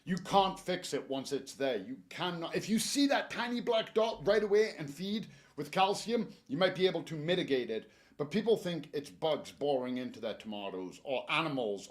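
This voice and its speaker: A man who works at a garden store giving casual, joking gardening advice. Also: fairly high pitch. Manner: chatty, joking, animated advice. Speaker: garden center staff presenter.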